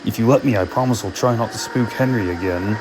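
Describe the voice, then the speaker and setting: A man's voice: lowish voice, fast, background noise, lightly acted. A man voicing a grumpy old male fogman who scolds, then bargains, in a fan storybook reading. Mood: cross.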